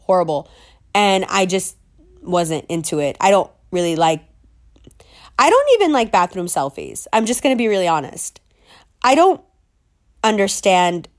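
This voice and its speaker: A woman telling a story in a blunt, profane way, repeating her points for emphasis. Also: medium pitch. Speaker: vlogger. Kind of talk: casual storytime rant.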